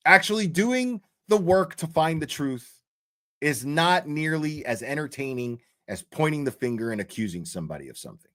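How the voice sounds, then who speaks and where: A man's voice: fairly high pitch, big pitch swings, normal speed, fairly bright tone. A man telling a story on a livestream in a blunt, profane way, with many fillers and restarts. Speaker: true crime commentary streamer. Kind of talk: casual livestream commentary.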